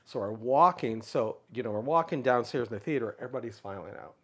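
A middle-aged man speaks at an ordinary, middle pitch while telling a long story in a relaxed interview. He is animated and lively, and now and then lifts his voice to act out another person's words. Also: quick pace, breathy edge. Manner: animated storyteller, acts out others' lines in a raised pitch. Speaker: guest speaker.

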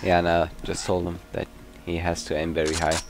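Low-voiced guy, non-native english, cursing thru a shooter game, game music and gunfire behind. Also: normal speed. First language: not English. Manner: excitable, swears often. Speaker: let's play host. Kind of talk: gameplay commentary.

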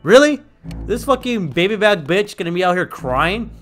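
A young man giving excitable, trash-talking commentary while playing a video game. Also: high-pitched, normal speed, faint music behind. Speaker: gaming video creator. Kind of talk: gameplay commentary.

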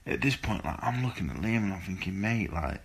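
A man's voice: deep voice, animated, fast, vocal fry, husky. A man, a boxer, telling a rambling, sweary story in a laid-back, casual way. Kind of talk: casual storytelling to phone camera.

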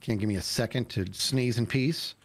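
A man's voice: mid-range voice, moderate pace. A man hosting a casual gaming stream, telling a story with acted-out quotes and frequent laughter. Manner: animated storyteller who acts out quotes and laughs.

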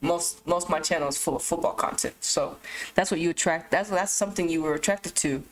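A young adult woman vlogger talking casually to camera, rambling and swearing, with sudden animated outbursts. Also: lowish voice, fairly quick, a little hiss or hum, rough recording. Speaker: YouTube vlogger.

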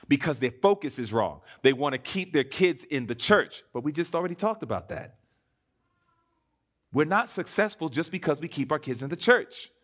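A man preaching a sermon in church, swinging between emphatic declarations and hushed, earnest appeals. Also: a little high.

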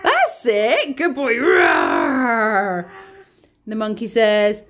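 A woman's voice: a little high, expressive, normal speed, darkish tone. Sing-song British woman chatting with toddlers. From United Kingdom. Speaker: vlogger and childminder. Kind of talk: casual vlog chat with small children. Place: home kitchen and playroom.

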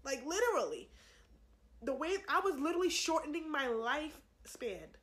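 A woman's voice: sits high, big pitch swings, moderate pace, fairly bright tone. A young woman giving an earnest religious testimony to camera, pleading with viewers and repeating herself for emphasis. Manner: earnest, repetitive, pleading, addresses viewers as y'all.

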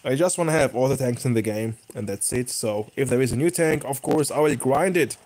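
A man's voice: mid-range voice, brisk. A young man commenting live on his own tank gameplay, cheering and groaning as the match goes. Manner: excitable, bursts of cheering and groaning. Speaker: gaming YouTuber.

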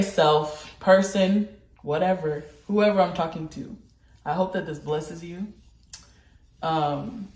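A woman vlogger with the flu chatting in a rambling way, with sudden animated outbursts. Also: lowish voice. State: sick with the flu. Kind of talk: casual chat. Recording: roomy echo.

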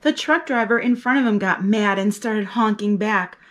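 A woman reading a picture book aloud to children, lively and expressive, acting out the story's characters. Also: mid-range voice, normal speed.

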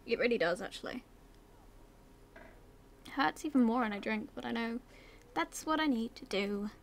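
A woman's voice: on the high side, expressive, normal speed, gravelly, a little hiss or hum. A woman with a sore throat giving casual commentary on her gameplay, chatting away and talking to her game characters. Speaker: gaming video host.

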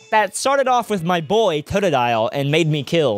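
A man's voice: on the high side, very animated, normal speed, few pauses, faint music behind. A young man doing let's-play commentary, chatty and rambling, often drifting off on tangents. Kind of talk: video game commentary.

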